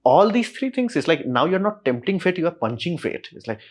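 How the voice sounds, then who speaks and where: A man giving a casual, slangy spoken explanation as a video host, animated and quick to act out reactions. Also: a little high. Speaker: YouTube tech explainer.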